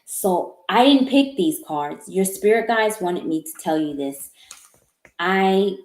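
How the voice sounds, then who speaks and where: A woman's voice: mid-range voice, animated, slow pace, a little mellow. A woman giving a live-streamed tarot reading. She stammers and repeats words, and she sounds apologetic and emotional. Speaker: tarot reader. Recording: echoey room.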